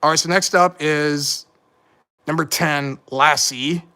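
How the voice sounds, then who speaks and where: A man's voice: fairly high pitch, steady tone, slow pace, pushed and bright, clean tone. A man hosting a casual livestream, rambling along and correcting his own slips. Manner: rambling, self-correcting, mild frustration. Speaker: livestream host. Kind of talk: casual live commentary.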